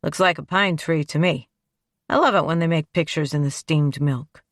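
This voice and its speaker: A woman voicing a hearty, animated male Italian-American detective in an audiobook. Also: low-pitched, normal speed, dry recording, studio quality, close to an everyday voice. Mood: jovial.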